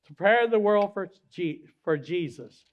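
High-voiced preaching pastor, loud swings. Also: male voice, animated, moderate pace, dull audio. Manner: preaching, swinging from loud hollering peaks to low quiet drops. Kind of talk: sermon.

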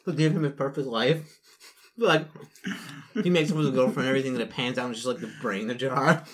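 A man's voice: mid-range voice, steady tone, fast talker, fairly bright tone, slight background noise. A man with a cold, running a tabletop game as game master, rambling with lots of fillers. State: groggy from a cold. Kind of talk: casual tabletop game chat.

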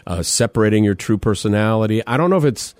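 A man's voice: fairly low pitch, fast talker, darkish tone, no room sound. A man co-hosting a morning radio show, chatting casually and jokingly with his co-host. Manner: jokey, laughs often, tries silly accents. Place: radio studio.

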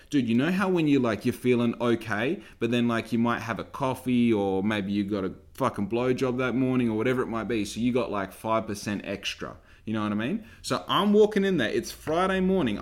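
A young man with an Australian accent tells a long, rambling story. He swears freely and speaks in an animated way. His voice sits at a mid pitch. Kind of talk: casual storytelling.

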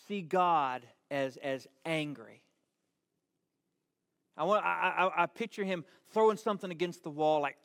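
Man, pastor, sermon, high voice, emphatic and earnest, repeats himself, reverberant hall. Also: fairly bright tone. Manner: earnest, emphatic preaching with repeated words and restarts. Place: church hall.

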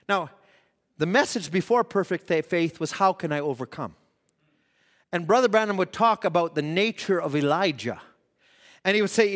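A man preaching a sermon, swinging from loud exhortation to hushed, acted-out quotes. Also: high voice, expressive, normal speed, pauses often. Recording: long hall reverb.

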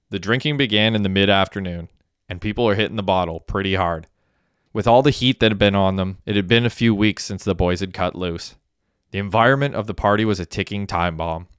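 A man narrating an audiobook in a steady, even reading. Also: fairly low pitch, smooth, no echo, clean studio sound. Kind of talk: scripted narration.

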